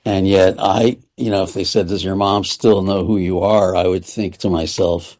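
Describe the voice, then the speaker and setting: A man's voice: deep voice, fairly even intonation, moderate pace, few pauses, darkish tone. A man who is a guest author in an interview, speaking in a reflective, thoughtful way. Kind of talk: conversational interview.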